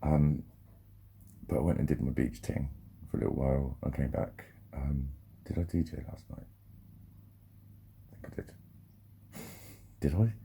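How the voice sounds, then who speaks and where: A man's voice: a bass voice, fairly even intonation, a little slow, gravelly, pauses often, mellow, a little hiss or hum. A man rambling and swearing freely through a casual vlog monologue, often breaking off and restarting his sentences. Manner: rambling, sweary, self-interrupting. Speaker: vlogger.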